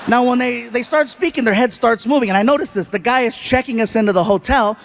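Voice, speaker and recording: A male stand-up comedian telling stories in an animated way and talking to the audience. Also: extremely high pitch, fast, gravelly. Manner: animated storytelling, talks to the crowd.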